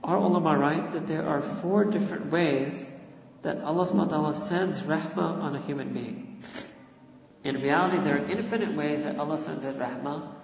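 A man's voice: on the high side, normal speed, creaky, slight background noise. A man delivering a sermon, telling a story in an earnest, repetitive way. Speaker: preacher. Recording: echoey hall, muffled lo-fi sound.

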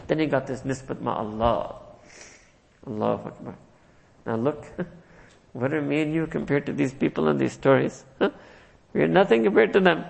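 A man's voice: a little high, gravelly, big-room sound, rough recording. A man giving a sermon, telling stories in an earnest way and chuckling now and then. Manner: storytelling, earnest, chuckles often, mixes in Urdu and Arabic terms. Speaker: Islamic preacher.

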